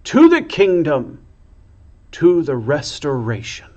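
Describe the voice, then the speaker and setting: A man voicing a brave, dignified older woman who speaks in a solemn, commanding, slow way in a storybook. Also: fairly high pitch, wildly swooping pitch, darkish tone, highs cut off, pitched above the performer's own voice, heavily acted. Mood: rallying.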